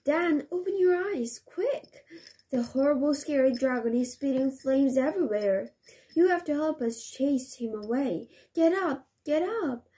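A woman voicing a small excited elf in a storybook read-aloud, calling out in a high, urgent way. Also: unhurried, few pauses.

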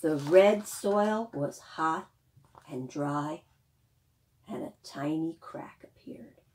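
A woman librarian reading a picture book aloud for small children, in an expressive, sing-song way. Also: low voice, slow, a little hiss or hum, rough recording.

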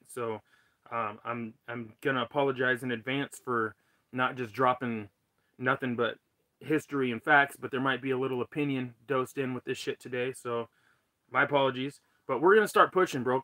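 Guy ranting on a live vlog from his tent, sharp bright voice, swearing nonstop, fed up. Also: medium pitch, no echo. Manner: heated, profane, ranting. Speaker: cannabis vlogger. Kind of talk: live-stream rant. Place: tent under a carport.

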